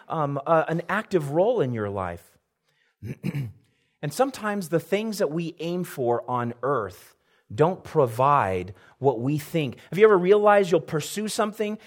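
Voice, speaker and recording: A man preaching a sermon, earnest, building emphasis, pausing now and then to clear his throat. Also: on the high side. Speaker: pastor.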